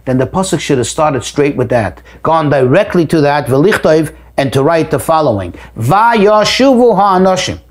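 Male teacher with a higher voice who works through a text phrase by phrase and repeats words as he thinks. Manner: reads a phrase aloud, then explains it in plain words; repeats words while thinking, lively rises for emphasis. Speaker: Torah teacher. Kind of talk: line-by-line text study lesson.

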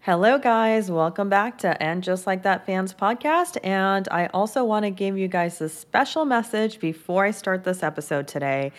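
A woman's voice: mid-range voice, expressive, normal speed, hardly any pauses. A woman hosting her own podcast, recapping a TV episode in a chatty, upbeat way and acting out the characters' lines as she goes. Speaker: podcast host. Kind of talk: casual solo podcast recap.

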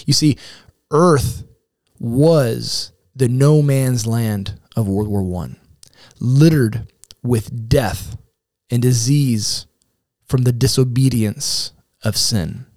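A man serving as camp director, giving a devotional talk as an earnest story with dramatic pauses and weighty readings of scripture. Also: mid-range voice, darkish tone, no echo, clean studio sound. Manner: reads quotes and scripture with weight.

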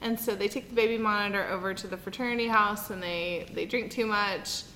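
Bright-voiced bubbly woman chatting. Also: mid-range voice, brisk. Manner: bubbly, giggly, animated retelling. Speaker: podcast co-host. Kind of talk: casual chat. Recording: roomy reverb with faint noise.

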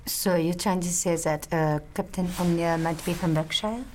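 A woman's voice: on the low side, fairly even intonation, moderate pace, a little mellow, a little hiss or hum. A woman playing a character in a tabletop game, asking thoughtful, probing questions. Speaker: player.

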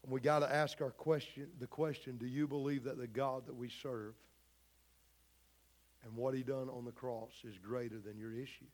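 A man preaching a sermon, pressing the same rhetorical questions again and again in a preaching cadence. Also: medium pitch.

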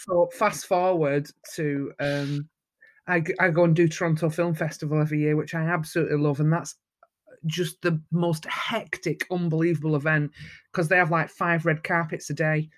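A woman with a Mancunian accent, a photographer telling lively stories as a guest in a casual interview. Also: low voice, normal speed. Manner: lively, animated storyteller. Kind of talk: storytelling in casual chat.

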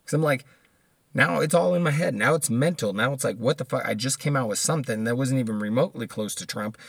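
A man's voice: mid-range voice, quick pace, vocal fry, breathy edge, no echo. A man, ranting casually and profanely in a monologue, laughing often between points.

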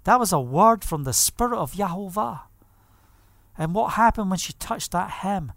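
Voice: medium pitch, expressive, normal speed, a bit bright, dry recording. A preacher giving a fervent testimony sermon, telling stories vividly. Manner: vivid storytelling, acts out quoted voices, fervent.

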